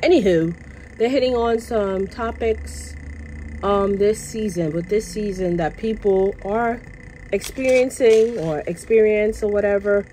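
A woman's voice: mid-range voice, a little slow, slight background noise, low-quality recording. Chatty woman vlogging from work. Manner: chatty, repeats herself, tags lines with "okay?"; passionate, now and then gets loud. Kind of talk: casual chat to camera. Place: at work, indoors.

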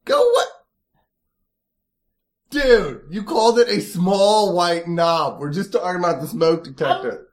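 A man with a Midwestern American accent co-hosting a comedy podcast, talking in a teasing, animated way and constantly cutting in. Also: high voice, unhurried, long pauses. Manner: animated, teasing, keeps interrupting. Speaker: podcast co-host. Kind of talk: casual comedic chat.

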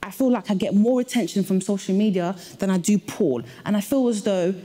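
A woman's voice: mid-range voice, a little fast, dark tone. A woman guest in a couple's argument, defending herself firmly and arguing her case point by point. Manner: firm, defensive, argues point by point. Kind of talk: casual debate.

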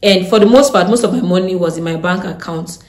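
A young Nigerian woman with a Nigerian accent, telling a story in a blunt, animated way with Pidgin turns of phrase. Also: fairly low pitch, fast. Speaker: vlogger. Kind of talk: casual storytime. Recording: echoey room.

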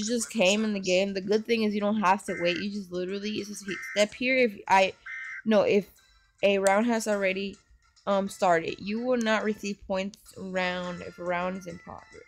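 A woman giving casual gameplay commentary on her phone, excitable and full of gasps and exclamations. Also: mid-range voice. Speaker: gaming channel host. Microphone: phone microphone while screen recording.

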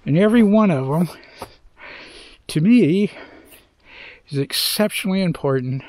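A man's voice: high voice, animated, unhurried, a little mellow, dry recording. An older man vlogging outdoors on a hiking trail, talking in a heartfelt, rambling way and trying to hold back tears. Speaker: hiker vlogger. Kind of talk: reflective trail vlog.

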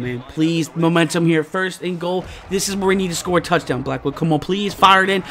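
A man hosting a gaming channel, giving live let's-play commentary and reacting excitably to each play. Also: on the high side, a little fast, few pauses. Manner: excitable, yelling and groaning at plays.

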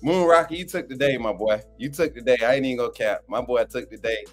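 A man's voice: medium pitch, quick pace, soft background music. A man hosting a sports fan live stream in loose, slangy casual chat, often cracking up with laughter.

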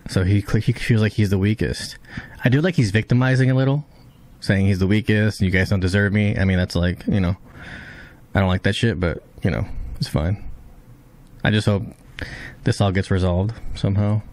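A man giving casual, excitable commentary while reacting to an anime episode, swearing freely, his voice jumping high when he is shocked. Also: moderate pace, long pauses, no room sound.

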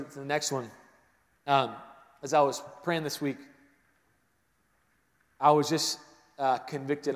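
A man preaching a sermon to a congregation, moving between hushed, intimate passages and rising emphatic ones, often restarting his words. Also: mid-range voice, long reverb tail. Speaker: pastor. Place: large church sanctuary.

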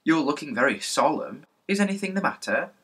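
A man's voice: a little high, very animated, a little fast, a bit bright, husky, voice pushed up, heavily acted. A man playing a kindly, concerned mother. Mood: gentle. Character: kindly middle-aged English mother.

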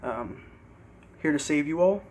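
Young guy vlogging his cd collection, laid-back and halting, faint hum in the background. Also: on the high side. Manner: relaxed, hesitant with fillers and careful pronunciation. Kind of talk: casual CD collection show-and-tell.

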